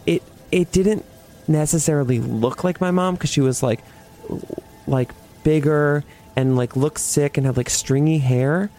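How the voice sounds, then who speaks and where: A young man telling a story in casual talk, animated, with lots of swearing and "like". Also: fairly high pitch, measured pace, soft background music. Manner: animated, swears a lot, heavy use of "like".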